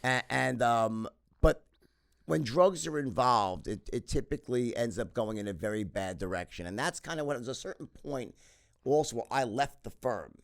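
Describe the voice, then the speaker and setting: At a normal speed, a middle-aged man with a creaky, mid-range voice tells stories as a podcast guest. The casual interview talk is animated and profane, marked by restarts and a habitual "right?".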